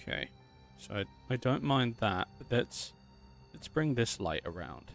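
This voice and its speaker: A man's voice: mid-range voice, big pitch swings, measured pace, vocal fry, soft background music. A man chatting casually and upbeat as he streams his animation work, thinking aloud as he goes. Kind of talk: casual livestream talk while working.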